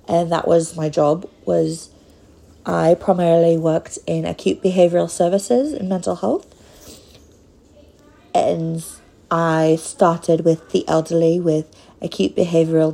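Slow, gravelly woman podcast host. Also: deep voice, mellow, poor audio. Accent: Northern Minnesotan. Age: 30s. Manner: slow and hesitant, with frequent pauses. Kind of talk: casual solo podcast monologue.

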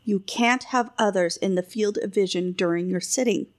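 A woman's voice: mid-range voice, normal speed, close to an everyday voice. A woman voicing a weary male court painter who pleads and sighs, in a storybook reading. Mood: pleading. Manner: pleading, sighing.

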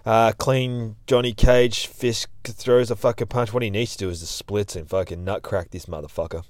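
A man's voice: lowish voice, fairly even intonation, moderate pace, darkish tone, no room sound. A man, hosting a show and recapping a comic in a rambling, heavily profane, casual way. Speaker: comic review host.

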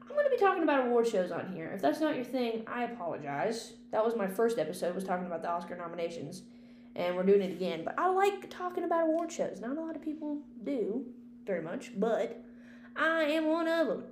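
A woman's voice: a little high, sing-song, fairly quick, darkish tone. A woman hosting a casual, unscripted podcast, rambling chattily about movies and swearing freely. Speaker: podcast host and film critic. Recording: echoey room with faint hum.

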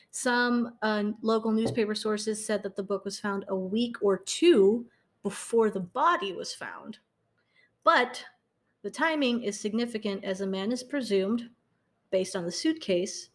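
A young woman co-hosting a podcast who recaps a true-crime case in casual storytelling, laughing often, stumbling over words and correcting herself with frequent ums. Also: medium pitch. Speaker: podcast co-host.

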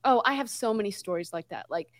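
Brief: American woman guest, animated conversational storyteller, uses lots of fillers. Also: mid-range voice, fast talker. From United States. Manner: lively, many fillers, mixes in Spanish words.

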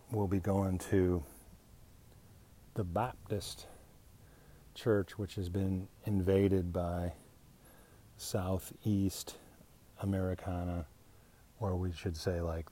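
Male solo podcaster at home: slow, low-ish, mellow, dry sarcastic rambler. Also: slight background noise. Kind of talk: casual rambling podcast monologue.

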